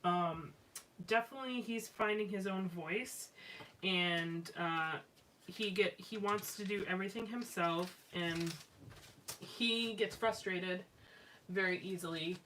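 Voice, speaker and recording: A woman hosting a live craft stream rambles casually while scrapbooking, her lowish, slightly bright voice moving slowly and full of fillers and restarts. The mic sits a bit far away, with faint noise in the background.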